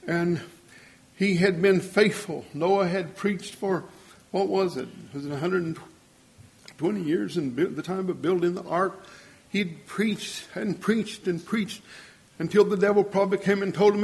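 A man's voice: high-pitched, a little slow, darkish tone. An older man preaching a sermon, earnest and storytelling, acting out the voices of people in his stories.

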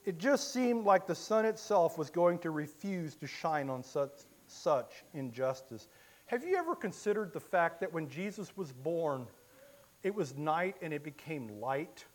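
A man preaching a sermon, telling the story in the first person and swinging from hushed, quiet lines to loud, impassioned cries. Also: a little high, very animated, unhurried.

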